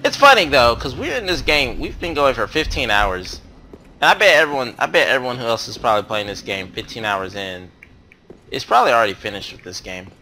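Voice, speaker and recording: A man's voice: medium pitch, very animated, a little fast, pushed and bright, a little hiss or hum. A man hosting a let's play, talking through his game in a rambling, self-correcting, chatty way. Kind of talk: casual gameplay commentary.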